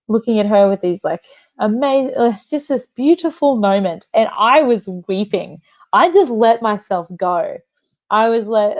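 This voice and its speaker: A woman's voice: mid-range voice, a little mellow, highs cut off. A woman hosting a livestream, chatting with viewers in an effusive, emotional way, often laughing and rambling with fillers. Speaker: livestream host. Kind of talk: live-stream chat with viewers.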